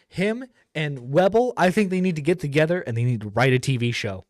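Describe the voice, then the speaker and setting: A man's voice: fairly high pitch, sing-song, fairly quick, few pauses, no room sound, studio quality. A man giving casual, rambling commentary as a streamer reacting to a video, with lots of fillers and blunt profanity.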